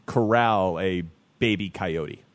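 A man's voice: low-pitched, slow, background noise. A man hosting a radio show, in casual sports banter, joking and laughing often.

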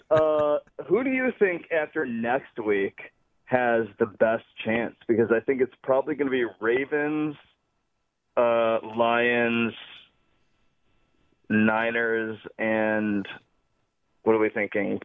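A confident man calling in to a sports show, chatty and quick to laugh. His mid-pitched voice comes through a thin, tinny phone line with no room sound. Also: animated, no echo. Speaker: caller. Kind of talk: call-in sports chat.

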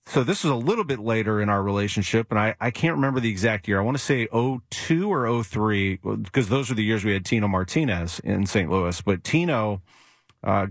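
A man with a lowish voice tells sports stories in an easygoing talk-show way. He is lively and acts out each quote he recounts. The sound is dry and close, with no room behind it. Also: no room sound. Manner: animated storyteller who acts out quotes. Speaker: sports reporter guest. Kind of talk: casual radio talk storytelling.

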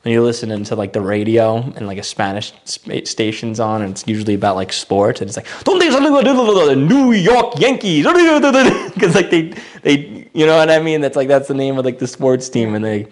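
A man co-hosting a podcast in casual chat, animated and prone to mimicking voices. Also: on the low side, fairly quick, hardly any pauses. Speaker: podcast co-host.

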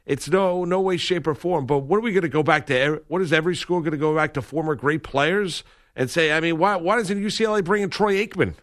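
A man co-hosting a sports talk show, talking in an animated, opinionated way with lots of emphasis. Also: on the high side, fast. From grew up a Washington football fan.

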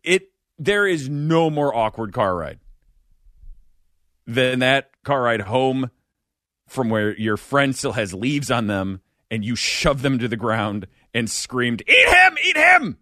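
A man hosts a comedic podcast chat with sardonic, animated delivery. His voice is bright and sits a little high, and his pitch swings widely. The sound is dry and close. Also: slow, dry recording. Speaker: podcast host.

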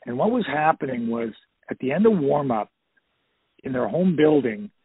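Husky man on a tinny phone line. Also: mid-range voice, sing-song, moderate pace, no echo. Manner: rambling, many "you know" fillers, anecdotal. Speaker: former pro hockey player, guest. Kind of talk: casual storytelling interview.

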